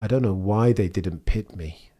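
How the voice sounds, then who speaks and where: A man's voice: lowish voice, normal speed, dark tone, natural voice. A man voicing a bad impression of a racing driver who whines and repeats himself about his team's strategy. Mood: aggrieved.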